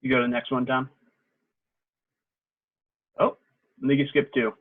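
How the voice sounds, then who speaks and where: A man's voice: medium pitch, moderate pace. Man on a tinny video call. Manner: relaxed, explanatory, frequent "um" and "uh". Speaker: sports medicine presenter. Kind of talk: virtual safety talk. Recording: tinny phone-like call audio.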